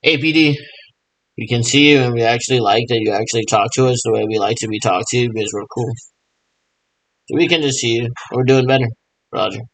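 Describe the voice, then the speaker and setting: A man's voice: mid-range voice, steady tone, quick pace, no echo, poor audio. A man in a rambling, improvised monologue, mimicking radio check chatter and answering himself in a repetitive back-and-forth.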